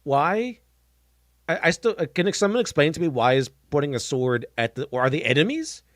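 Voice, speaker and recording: A man's voice: a little high, sing-song, fairly quick, over music. A man giving casual live-stream reaction commentary, blunt and mocking, scoffing at what he watches and restarting sentences as he goes.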